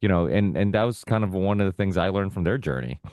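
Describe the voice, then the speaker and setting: A man's voice: low-pitched, expressive, fast, a little mellow, no echo, clean studio sound. A young man, guest on a podcast, telling stories in a loose, rambling way full of "you know" and "like". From United States, Portuguese immigrant family. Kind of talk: casual conversational storytelling.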